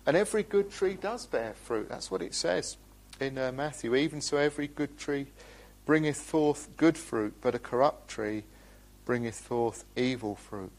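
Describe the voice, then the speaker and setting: A man preaching a sermon in a church, earnest and pleading, moving between urgent appeals and quiet, gentle asides. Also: mid-range voice, moderate pace, rough recording. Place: church building.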